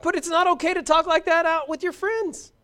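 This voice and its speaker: A man with a very high-pitched voice preaches a fervent sermon. He is middle-aged and calls out his exhortations to his young listeners. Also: fairly even intonation, fairly quick, bright, forceful tone.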